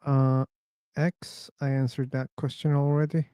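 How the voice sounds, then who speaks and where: A man hosting a live stream, talking bluntly and with a joke now and then as he reads chat questions aloud. His voice is mellow and dark at a middle pitch, and the close mic leaves almost no room sound. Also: little pitch movement, unhurried, clear, resonant tone, no room sound. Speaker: livestream discussion host.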